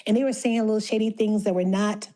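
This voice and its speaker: A woman calls in to a gossip show and rambles through her take, apologizing for going on. Her voice is mellow and warm, in a middle register. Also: mid-range voice, fairly even intonation, fast. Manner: rambling, chatty, self-deprecating. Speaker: caller. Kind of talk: casual call-in chat.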